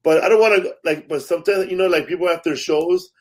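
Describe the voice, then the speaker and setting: High-pitched and fast-talking, a man who does stand-up trades stories in relaxed chat. He animates every tale, acting out what people said and swearing liberally.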